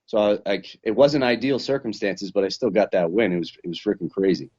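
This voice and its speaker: A man with a lowish voice tells his story in a loose, rambling way and swears freely. He sounds like he is on a remote video call. The sound is muffled and lo-fi. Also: a little fast, darkish tone, slightly rough. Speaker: professional fighter. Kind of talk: casual interview recap. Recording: dull lo-fi sound.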